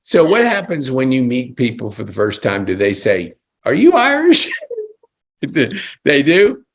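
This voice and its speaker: A man's voice: mid-range voice, big pitch swings, a little slow. A man hosting an interview, enthusiastic and rambling, often restarting his sentences. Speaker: podcast host. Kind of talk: casual interview chat.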